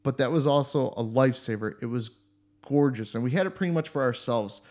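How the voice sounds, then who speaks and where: A man's voice: medium pitch, fairly quick, a little mellow. A man in casual podcast chat, telling stories animatedly and swearing freely. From United States.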